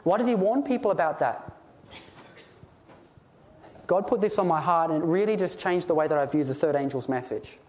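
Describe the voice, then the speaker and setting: A man's voice: a little high, normal speed, long pauses, darkish tone. A man preaching a sermon in an earnest, pleading way, sometimes stumbling over his words when stirred. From Australia.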